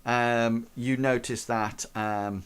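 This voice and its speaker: A man's voice: medium pitch, fairly even intonation, takes it slowly, clean tone. A man narrating a tabletop game as game master, rambling with many fillers and restarts.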